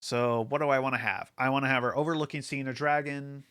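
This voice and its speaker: Bright, clear-voiced male streamer. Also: medium pitch, steady tone, fast. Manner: rambling with many fillers, laughs often. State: hyper from an energy drink. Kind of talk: casual livestream chat.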